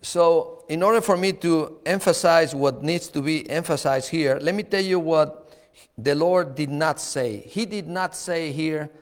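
A man preaching a sermon, slow and emphatic, repeating key words and chuckling now and then. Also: fairly high pitch, long reverb tail.

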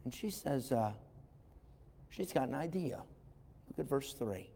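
Animated pastor, voice ringing in a hall. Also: male voice, medium pitch, a little slow, creaky, breathy edge. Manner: animated storyteller, acting out voices, wry asides. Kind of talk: sermon. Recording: long hall reverb.

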